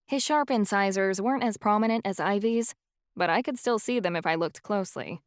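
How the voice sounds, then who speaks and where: A woman narrating a first-person audiobook with a mid-pitched voice. She tells the story in an even, wry way. The sound is close and dry. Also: fairly quick, smooth, dry recording.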